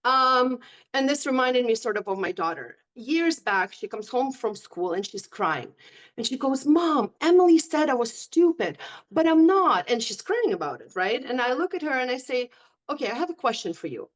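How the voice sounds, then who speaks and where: A woman's voice: on the high side, sing-song, moderate pace, fairly bright tone. Upbeat middle-aged woman telling stories. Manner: storytelling, upbeat and encouraging. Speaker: guest coach. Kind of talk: conversational podcast interview.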